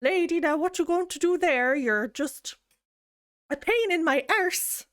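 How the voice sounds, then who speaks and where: A woman's voice: high-pitched, sing-song, takes it slowly, a bit bright, pitched above the performer's own voice, heavily acted. A woman voicing an angry, feisty fantasy woman in a put-on fantasy Irish accent, brash and scolding.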